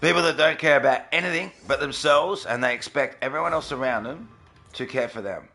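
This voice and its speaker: Sarcastic gamer dude doing commentary, kinda high voice, gravelly. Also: male voice, a little fast, pushed and bright, faint music behind. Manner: sarcastic, mocking, laughing often. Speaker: gaming channel host. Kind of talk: gameplay commentary.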